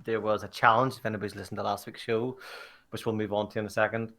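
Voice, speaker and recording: English guy cohosting a podcast, animated storyteller, laughs a lot. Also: lowish voice, fast talker, vocal fry. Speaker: podcast co-host. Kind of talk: casual chat.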